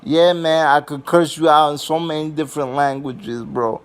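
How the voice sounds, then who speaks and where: A man's voice: fairly high pitch, fairly even intonation, normal speed, smooth. A young adult man telling funny family stories in a casual, rambling way, swearing freely and filling gaps with "you know" and "um.". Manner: rambling and profane, with many fillers and restarts. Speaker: vlogger. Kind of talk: casual comedic storytelling.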